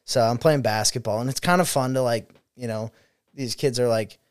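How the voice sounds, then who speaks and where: A young man of middle pitch spins stories from his classroom in a casual, rambling chat. He swears freely and breaks into laughter along the way. His voice sounds dry and close, with no room around it. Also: normal speed, clear, resonant tone, dry recording. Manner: profane, laughing, animated storyteller. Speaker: student teacher.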